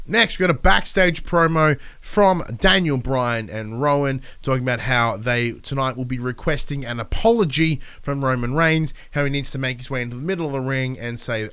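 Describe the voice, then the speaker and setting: A man with a stuffy nose and a smooth, clear voice, rambling through a solo recap. He swears freely and talks loosely, sounding a little under the weather. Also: medium pitch, normal speed, fairly bright tone. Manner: rambling, swears, acts out wrestlers' lines. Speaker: podcast host.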